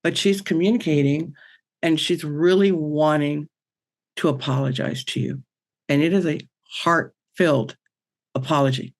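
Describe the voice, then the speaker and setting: A woman's voice: deep voice, steady tone, unhurried. A woman who works as a spiritual medium, telling a personal story as a guest in an interview in a chatty, earnest way with many fillers and restarts.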